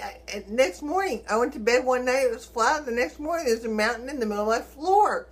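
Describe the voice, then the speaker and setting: Animated woman telling a personal story. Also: a little high, a little fast, few pauses. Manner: animated, acts out quoted dialogue, chuckles while telling. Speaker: vlogger.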